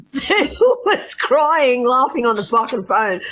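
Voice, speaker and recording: A woman's voice: high voice, very animated, slow, fairly bright tone, poor audio. Blunt, foul-mouthed Australian woman. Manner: blunt, heavy swearing, laughing through her stories. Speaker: livestreamer. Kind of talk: casual storytelling to live viewers.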